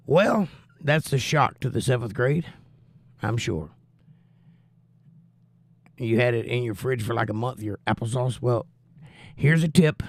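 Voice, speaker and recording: A man's voice: medium pitch, no echo. A man hosting a livestream, reading viewers' chat messages aloud and answering them with wry, teasing humor. He is out of breath and coughing while he recovers from the flu. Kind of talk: casual chat.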